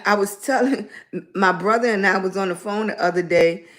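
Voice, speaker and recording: A middle-aged woman with a Southern US accent and a slightly raspy voice, rambling in casual livestream chat and greeting viewers by name. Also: medium pitch, normal speed, a bit bright. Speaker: lifestyle blogger live streaming.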